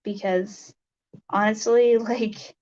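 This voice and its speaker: A woman livestream host chatting casually to her viewers, emotional and teary, halting with many fillers. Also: medium pitch, steady tone, darkish tone, dull audio. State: teary, sniffling. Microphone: webcam mic.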